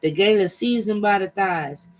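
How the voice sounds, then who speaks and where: A man reading an ancient poem aloud, deliberate and slowing at key lines. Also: high-pitched, a little hiss or hum, poor audio. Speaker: reader.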